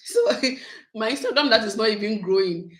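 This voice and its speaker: A woman, chatting casually with her viewers in a vlog, animated and laughing often. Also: fairly high pitch, moderate pace, poor audio. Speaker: YouTube vlogger. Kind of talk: casual live chat with viewers.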